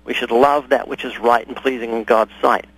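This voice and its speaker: A man giving a radio interview with a gravelly edge and a husky, slightly rough tone. He tells stories at length, slipping into the voices of the people he talks with to show how conversations go. His pitch sits in an ordinary middle range. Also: fairly even intonation, normal speed, a bit bright, poor audio. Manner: storytelling, acts out both sides of conversations. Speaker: guest evangelist. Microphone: studio or phone radio interview.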